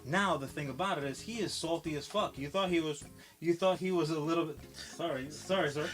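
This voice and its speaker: A man's voice: fairly high pitch, fairly quick, a bit bright, faint music behind. A man casually recapping a film on a podcast, swearing often and acting out the characters' lines. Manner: profane, rambling storytelling with acted quotes. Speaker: podcast co-host.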